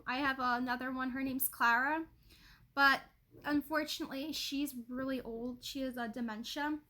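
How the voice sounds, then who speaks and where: Woman, high voice, casual livestream host at home, rambly filler-heavy chat. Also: sharp tone. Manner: rambling, chatty, lots of likes and ums; greets chat viewers by name.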